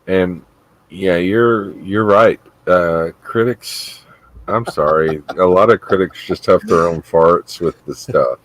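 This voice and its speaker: A man co-hosting a live movie commentary, emphatic and jokey, quick to agree. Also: low voice, no room sound. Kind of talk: casual live commentary chat.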